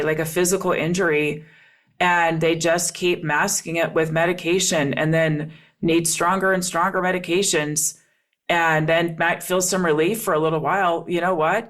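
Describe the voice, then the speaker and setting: A middle-aged woman hosting a solo podcast as a relationship coach, talking earnestly and repeating key phrases for emphasis. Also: fairly low pitch.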